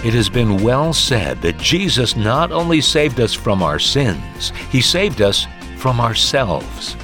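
A man announcing a radio program in a smooth, scripted delivery. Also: mid-range voice, very animated, slow pace, a bit bright. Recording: voice over background music.

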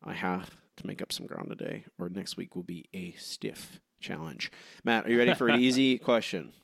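A man co-hosting a casual podcast and running a trivia quiz, teasing his partner with quick asides. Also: deep voice, vocal fry, fairly bright tone, no echo, clean studio sound. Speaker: podcast co-host and quiz master.

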